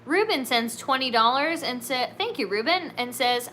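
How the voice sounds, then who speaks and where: A woman's voice: high-pitched, animated, moderate pace, hardly any pauses, pushed and bright, a little hiss or hum. A woman from California hosting a casual solo livestream, bubbly and giggly, saying "like" and "dude" a lot. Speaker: livestream host.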